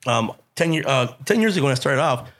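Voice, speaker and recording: A male comedian telling stories in a casual chat, animated and laughing, swearing freely and dropping in Spanish slang. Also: mid-range voice, fast. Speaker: stand-up comedian, guest.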